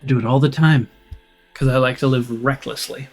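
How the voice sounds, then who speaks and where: A man's voice: medium pitch, steady tone, a little fast, faint music behind. A man giving casual, chatty commentary while playing a game, laughing often. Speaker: gaming channel host. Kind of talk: casual let's-play commentary.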